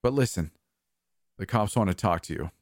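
Man voicing stern worried brother, trembling, insistent, deep, dry. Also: lively intonation, normal speed, dry recording. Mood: tense, stern.

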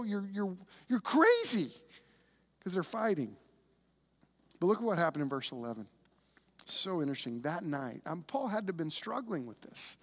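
A man preaching a conversational sermon, with frequent restarts, who acts out the voices of biblical figures. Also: sits high. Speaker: pastor.

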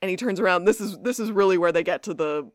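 A woman's voice: fairly low pitch, fast talker, no room sound, clean studio sound. A woman co-hosting a podcast, casually retelling scenes and acting out the characters' lines. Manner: lively storyteller who acts out the characters' lines. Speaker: podcast co-host. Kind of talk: casual recap chat.

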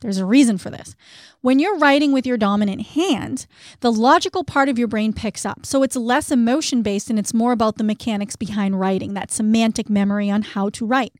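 A woman's voice: a little high, fairly quick, no echo, clean studio sound. A woman co-hosting a self-help podcast, talking candidly and casually, laughing at herself now and then. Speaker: podcast co-host.

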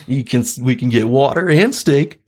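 A man's voice: medium pitch, lively intonation, moderate pace, husky. A man in his thirties, a podcast co-host, telling a story in a laid-back way, with lots of fillers and laughs. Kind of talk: casual storytelling chat.

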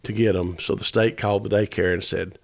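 A man's voice: fairly low pitch, fairly even intonation, fairly quick, gravelly, dry recording. A man, telling a long personal story as a podcast guest, earnest and rambling, acting out the dialogue as he goes. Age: 50s. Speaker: musician guest.

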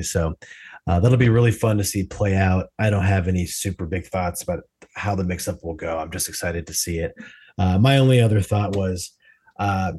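A man co-hosting a podcast recap, easygoing and quick to laugh. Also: low voice, a little mellow, breathy edge. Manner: easygoing, laughs often, many fillers. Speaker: podcast co-host. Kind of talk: casual recap chat.

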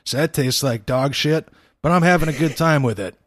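A man's voice: fairly high pitch, brisk, no room sound, studio quality. Congested man joking crudely on a podcast. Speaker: podcast co-host. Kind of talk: casual podcast chat. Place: apartment.

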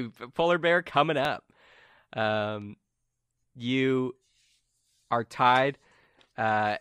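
A man's voice: on the low side, clean tone, no echo, clean studio sound. A man running a tabletop game, narrating scenes and rolling dice with lots of fillers and frequent laughter. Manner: lively, giggly, filler-heavy. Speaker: game master.

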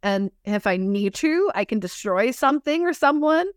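A woman's voice: a little high, animated, normal speed, smooth, no room sound, clean studio sound. A woman in her thirties, a somatic practitioner and podcast guest, talking in a reflective way with frequent laughs and restarts. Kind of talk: casual podcast conversation.

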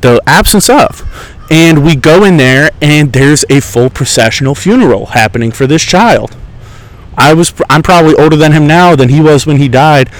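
A man's voice: on the high side, lively intonation, normal speed, poor audio. Profane, rambling young man. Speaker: podcast host. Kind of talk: casual storytelling chat. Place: outdoors in a park.

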